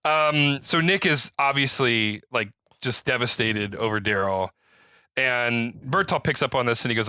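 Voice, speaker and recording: A podcast co-host recaps a film scene by scene in casual chat, animatedly acting out the characters' lines with rising pitch. His clear, resonant voice keeps a measured pace on a dry, studio-quality recording.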